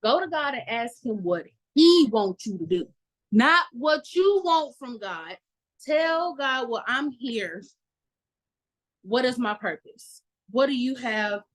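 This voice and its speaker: A woman's voice: fairly high pitch, lively intonation, slow, low-quality recording. A woman giving a candid testimony in an online meeting, blunt and profane, laughing often. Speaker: meeting participant. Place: video call at home. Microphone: video call.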